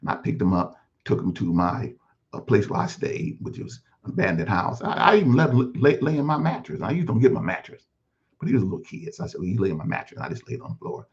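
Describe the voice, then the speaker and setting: Guy playing bubba, rough street man telling his story, stop-start, lo-fi sound. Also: lowish voice, very animated, pitched below the performer's own voice. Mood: recounting. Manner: plain storytelling, halting restarts. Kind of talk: one-man sermon skit. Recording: dull lo-fi recording.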